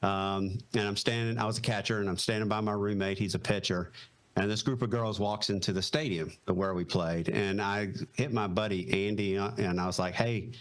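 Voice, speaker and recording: A middle-aged man with a Southern drawl from North Carolina. His voice sits fairly low, and he tells stories in an easygoing, rambling way full of fillers. He sounds like a guest chatting on a podcast over a video call. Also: steady tone, normal speed. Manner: easygoing, many fillers, retells quotes. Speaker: podcast guest, retired Marine helicopter pilot. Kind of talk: casual storytelling interview.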